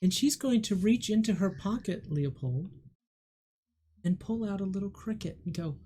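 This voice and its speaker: A woman narrating a tabletop game as game master, playful and quick to laugh. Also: medium pitch, animated, mellow, slightly rough.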